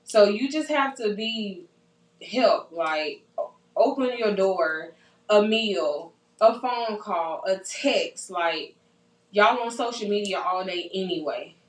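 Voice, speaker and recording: A woman's voice: medium pitch, lively intonation, takes it slowly, recorded from a distance. Young woman, casual podcast chat, earnest, encouraging, roomy sound, mic set back. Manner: earnest, encouraging, repeats herself for emphasis. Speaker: podcast host.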